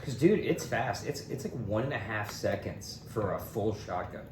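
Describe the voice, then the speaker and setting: A young man from Kentucky telling stories on a podcast in a casual, animated way, jumping into high voices to quote people. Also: normal speed, a crowd in the background. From Louisville, Kentucky. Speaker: podcast co-host. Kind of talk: casual storytelling chat. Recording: echoey room with background noise.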